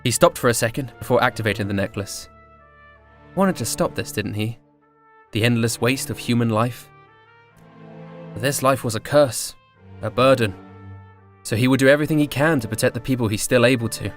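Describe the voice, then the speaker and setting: A man's voice: mid-range voice, normal speed, long pauses, soft background music. A man narrating a scripted story epilogue for a tabletop campaign, with wry, dry humor and wordplay.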